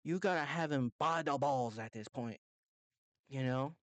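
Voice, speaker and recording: Young male commentator, mid pitch, loose rambling delivery with swearing and heated spikes, dry room. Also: unhurried, dry recording. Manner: rambling, profane, laughs often, heated bursts. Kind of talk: casual reaction commentary.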